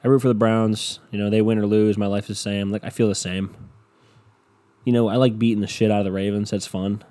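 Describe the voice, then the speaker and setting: A man's voice: on the low side, little pitch movement, fairly quick, mellow. A young man hosting a podcast, ranting casually and sarcastically about football with lots of swearing. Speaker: podcast host. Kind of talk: casual sports rant.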